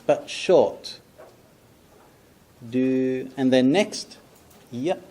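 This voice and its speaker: A man's voice: mid-range voice, expressive, slow, mellow, slightly rough. A man teaching an English pronunciation lesson, patiently breaking phrases into single sounds and quizzing the viewer.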